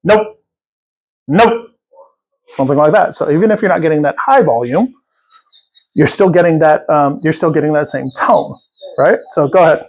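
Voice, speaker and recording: Upbeat dog trainer giving live coaching to a client, encouraging, keeps checking in, mid-range pitch. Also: expressive, brisk, darkish tone, rough recording. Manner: encouraging, repeats checking questions.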